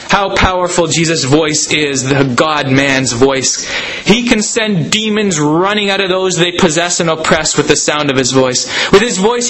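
A man preaching a sermon, dramatic, slowing down for emphasis. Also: on the high side, bright, forceful tone, rough recording. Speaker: pastor.

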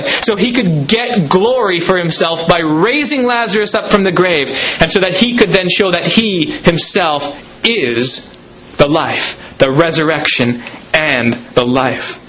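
A male pastor delivers a sermon in a somewhat high voice. He preaches dramatically, stretching out words for emphasis and building to strong points. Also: unhurried, fairly bright tone, poor audio.

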